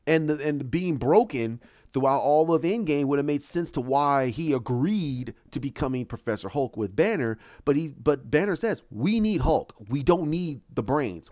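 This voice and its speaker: A man hosting a casual solo podcast, talking excitedly and rambling, acting out scenes with quick voices and sound effects. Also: fairly high pitch, highs cut off. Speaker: podcast host.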